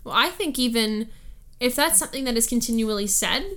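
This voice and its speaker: A young woman co-hosting a casual chat, earnest and quick to laugh. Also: a little high, expressive, a bit bright.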